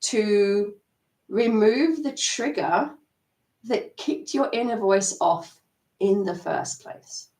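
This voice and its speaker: A woman EFT practitioner gently guiding listeners through tapping steps in a live coaching talk. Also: medium pitch, slow. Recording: echoey room, distant mic.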